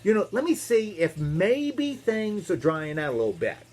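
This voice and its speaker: A man's voice: high-pitched, wildly swooping pitch, moderate pace, a little mellow, pitched above the performer's own voice, heavily acted. A man voicing Noah, a harried old patriarch on his ark, with folksy exclamations in a storybook telling. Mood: weary.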